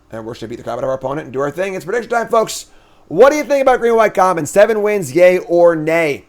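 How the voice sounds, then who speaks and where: A man casually commentating his own card game as a streamer, thinking out loud in a chatty way. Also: mid-range voice. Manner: chatty, thinks aloud, animated swings in energy.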